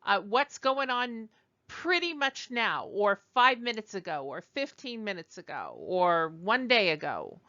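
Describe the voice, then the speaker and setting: A woman teaching a language lesson over slides, explaining slowly and digressing as she goes. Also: mid-range voice, big pitch swings, pushed and bright, highs cut off. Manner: explanatory, digressive, with fillers and restarts. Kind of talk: recorded lecture over slides.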